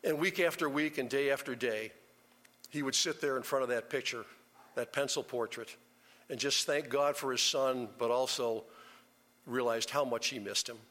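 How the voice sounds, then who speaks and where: A middle-aged male preacher with a bright, forceful tone, telling a story earnestly and without hurry. His voice rings out with a long reverb off the church walls. The delivery is steady and heartfelt. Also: medium pitch, normal speed. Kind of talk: sermon storytelling. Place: church sanctuary.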